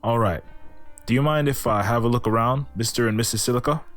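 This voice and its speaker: A man's voice: mid-range voice, a little fast, a bit bright, faint music behind, lightly acted. A man voicing a nervous, blunt social worker in a video game, who blurts things out and then apologizes.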